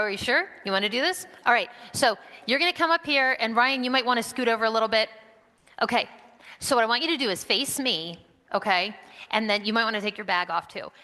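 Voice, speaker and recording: A woman's voice: on the high side, bright, forceful tone, big-room sound. A woman leading an interactive children's message during a church service, coaxing and encouraging the kids with lots of questions. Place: church sanctuary.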